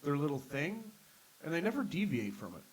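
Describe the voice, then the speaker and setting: A man's voice: on the high side, sing-song, a little fast, breathy edge, low-quality recording. A man hosting a casual podcast, telling rambling stories and swearing freely. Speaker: podcast host. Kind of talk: casual chat.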